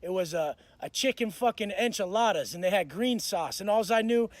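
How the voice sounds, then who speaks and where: A man telling rough stories in a blunt, swaggering, heavily cursing way, often restarting and repeating words as he gets worked up. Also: sits high, animated, moderate pace, no echo. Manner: blunt, profane, swaggering street talk. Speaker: vlogger recounting prison life. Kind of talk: casual storytelling monologue.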